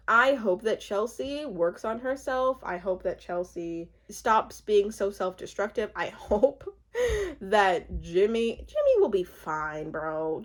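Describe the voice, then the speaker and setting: Giggly, chatty woman with a lively voice. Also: medium pitch. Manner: chatty, giggly and expressive, with frequent laughs. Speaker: TV recap vlogger. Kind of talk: casual reality TV recap.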